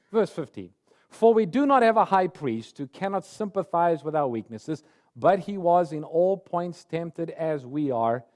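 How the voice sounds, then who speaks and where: A man preaching a sermon, telling a story earnestly and moving between loud urgent phrases and soft quiet ones. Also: a little high.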